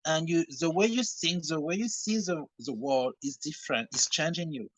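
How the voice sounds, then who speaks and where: High, lively male guest voice, dry sound. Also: normal speed, no echo, rough recording. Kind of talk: casual chat.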